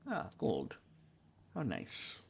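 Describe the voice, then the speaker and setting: A man streaming a game in casual chat, halting and restarting his words. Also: on the low side, wildly swooping pitch, vocal fry, slight background noise.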